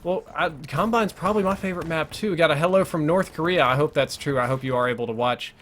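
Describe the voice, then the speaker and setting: A man's voice: a little high, fast talker, noisy background. A man hosting a live gameplay stream, chatting casually, reading viewer messages aloud and making wry joking asides. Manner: chatty, reads viewer chat aloud between plays. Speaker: gaming livestream host.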